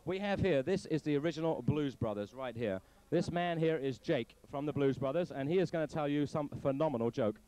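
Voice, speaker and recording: Fast-talking male pub host. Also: a little high, animated, dark tone, rough recording. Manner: jokey, introducing each guest. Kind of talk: casual pub chat.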